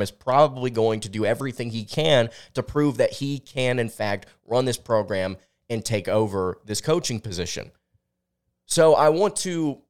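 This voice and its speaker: Smooth-voiced man hosting sports talk. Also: mid-range voice. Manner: conversational, reads quotes aloud, frequent fillers. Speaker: sports podcast host. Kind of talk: solo sports commentary.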